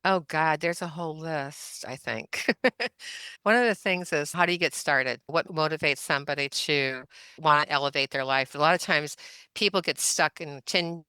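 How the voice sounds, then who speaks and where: A woman's voice: deep voice, normal speed, pushed and bright, clear, resonant tone, dry recording. A woman in her seventies, a podcast guest telling stories in a chatty, anecdotal way and laughing often. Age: 70s. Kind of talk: casual storytelling interview.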